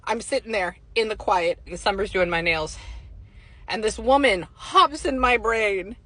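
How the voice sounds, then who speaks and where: A woman's voice: medium pitch, unhurried, no echo, low-quality recording. A woman working as a psychic medium, telling a casual story and acting out the voices of the people in it. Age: adult with a young son. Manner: animated, acts out quoted voices.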